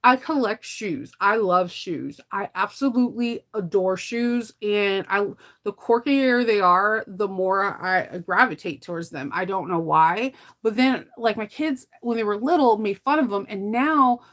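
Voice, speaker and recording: A woman's voice: medium pitch, unhurried, fairly bright tone. Chatty laughing woman, tired. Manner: chatty, laughs often, trails off mid-sentence. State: tired, recovering from illness. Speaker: sewing vlogger. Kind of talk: casual chat while sewing.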